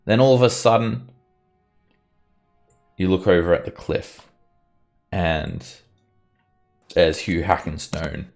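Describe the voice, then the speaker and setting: A man narrating a tabletop game as dungeon master, telling the scene in a relaxed, lively way. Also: deep voice, slow, gravelly, pauses often, soft background music. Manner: relaxed, lively storytelling with fillers.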